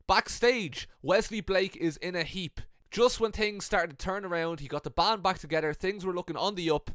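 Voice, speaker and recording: A man casually recounting made-up wrestling storylines in a playful way, with swearing and quick asides. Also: high voice, fairly bright tone, no echo, studio quality. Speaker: wrestling fan video creator.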